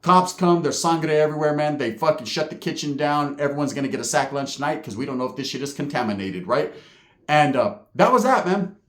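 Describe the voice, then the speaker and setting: A man's voice: fairly high pitch, animated, a little fast, a bit bright. A man who is a former inmate, telling a story casually in profane street slang. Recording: echoey room.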